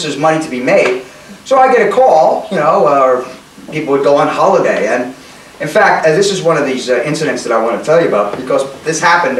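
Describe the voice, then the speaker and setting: A male comedian rambles through a self-mocking story, stumbling over his words, his pitch rising and falling a lot. He is recorded from a distance in a roomy, echoing space, with faint background noise. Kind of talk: comedic monologue.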